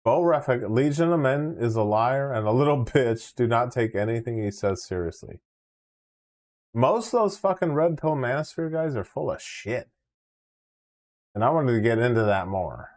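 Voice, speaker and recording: A man's voice: medium pitch, lively intonation, moderate pace, a little mellow. A man hosting a casual livestream, reacting with laid-back, profane commentary and laughs. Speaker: livestream host.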